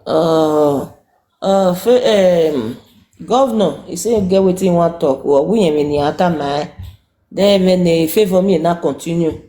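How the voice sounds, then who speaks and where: Brief: hesitant live-stream host, Nigerian Pidgin accent, mellow mid-range voice, lots of fillers. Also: mid-range voice, measured pace. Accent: Nigerian Pidgin English.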